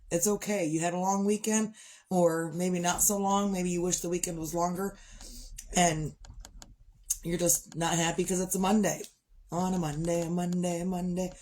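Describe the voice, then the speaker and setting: A middle-aged woman hosts a casual livestream chat, sounding tired as she rambles and sighs. Her voice is lowish and darkish, with a little hiss or hum in the audio.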